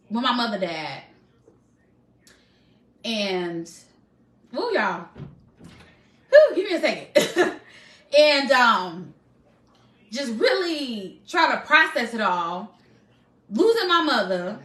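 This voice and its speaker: Woman live-stream host, high and bright, heartfelt and open with viewers, echoey room. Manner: emotional, heartfelt, addresses viewers as y'all. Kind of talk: candid personal live stream talk.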